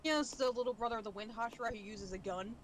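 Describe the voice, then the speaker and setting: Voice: medium pitch, fast, slight background noise. A co-host on a game stream, chatting casually and recounting anime plots. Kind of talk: casual gaming stream chat.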